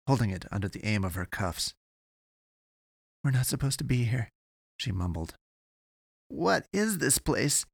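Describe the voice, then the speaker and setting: A man giving steady, measured scripted narration of an audiobook. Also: fairly low pitch, dry recording, studio quality.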